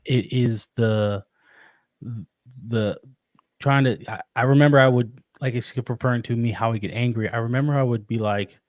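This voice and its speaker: A man talking as a podcast guest about being a father, earnest and reflective, often pausing and restarting his sentences. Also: medium pitch, steady tone, no echo. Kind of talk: casual interview.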